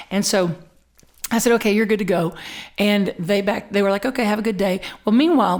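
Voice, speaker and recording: A middle-aged woman minister preaching a sermon, telling a personal story with lively, animated delivery and frequent repeats and restarts. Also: fairly low pitch. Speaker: spiritual community minister.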